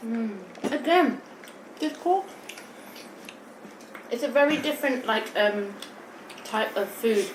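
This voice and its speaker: In an echoey, noisy room, a young British woman vlogs a mukbang, chatting as she eats, giggly and a bit out of breath. Her slightly high voice has lively intonation, a slow pace, and long pauses.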